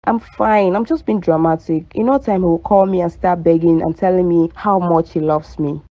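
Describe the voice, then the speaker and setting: A woman's voice: fairly low pitch, moderate pace, dry recording, natural voice. A woman voicing a jealous young woman in a cartoon drama, whiny and sulky, on a dull, dry recording. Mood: defensive. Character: jealous young woman, Rachel, chasing a man. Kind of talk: cartoon dub acting.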